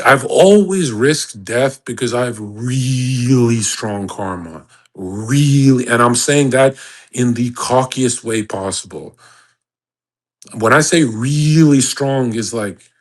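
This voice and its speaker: A man hosting a live audio chat, ranting in a brash, profane way and swinging between loud outbursts and low mutters. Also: breathy edge. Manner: mocks people in put-on voices.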